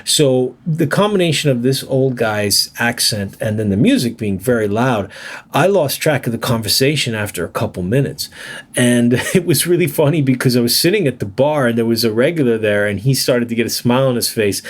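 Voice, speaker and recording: A man co-hosting a podcast, telling animated stories in casual chat and laughing as he goes. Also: medium pitch, fairly quick. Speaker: podcast co-host.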